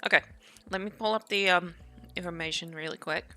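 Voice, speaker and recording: Bright-voiced woman streamer, chatty. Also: on the low side, fairly quick, faint music behind. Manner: chatty and rambling, with many fillers. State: voice tired from a day of talking. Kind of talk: casual live-stream chat.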